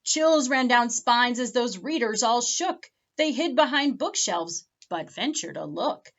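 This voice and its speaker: A woman librarian reading a picture book aloud for children at home, with animated, expressive storytelling. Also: on the high side, a little slow, dull audio.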